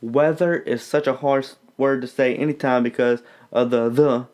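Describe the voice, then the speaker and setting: A young man giving a casual tutorial on stage pronunciation, demonstrating tongue twisters slowly and clearly. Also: mid-range voice, steady tone, darkish tone. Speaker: acting coach.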